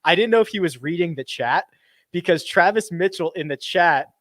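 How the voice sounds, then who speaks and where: Guy hosting a podcast, high voice, all fired up, dry close mic. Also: moderate pace, no room sound. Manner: animated, breaks news to the panel. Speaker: podcast host. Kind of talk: excited banter with co-hosts.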